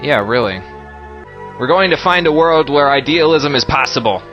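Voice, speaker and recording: Lively joking man commentating a game. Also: a little high, normal speed, highs cut off, soft background music. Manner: joking, lively, talks to the viewers. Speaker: let's play commentator.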